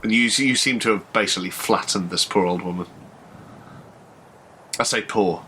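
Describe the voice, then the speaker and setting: A man narrating as game master of a tabletop horror game, descriptive and halting with fillers. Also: lowish voice, sharp tone, slight background noise.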